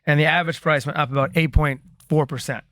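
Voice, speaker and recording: A man co-hosting a real estate market update, joking around and reading figures slowly. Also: on the high side, fairly even intonation, a bit bright, no echo, clean studio sound. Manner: joking, reads figures slowly and rounds them off. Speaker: co-host reading market statistics. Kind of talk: casual podcast chat.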